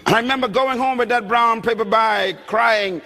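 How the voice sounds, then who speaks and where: High, bright-voiced preacher in a big hall. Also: male voice, normal speed. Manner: emphatic, dramatic swings between loud and soft. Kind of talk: sermon. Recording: long hall reverb.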